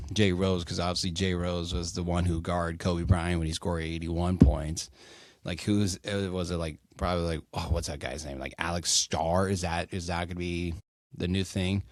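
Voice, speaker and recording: A man's voice: low-pitched, a little mellow, no echo. A young man hosting a solo sports podcast, rambling casually with lots of fillers and swearing. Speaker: podcast host.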